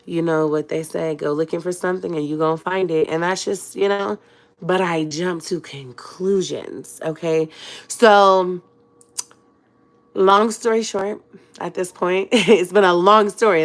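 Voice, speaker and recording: A young woman from California tells a personal story to her livestream viewers, chatty and dramatic, talking to them directly. Her voice sits a little low for a woman and sounds slightly rough from a cold. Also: steady tone, measured pace. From Fresno, California. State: has a cold. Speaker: vlogger.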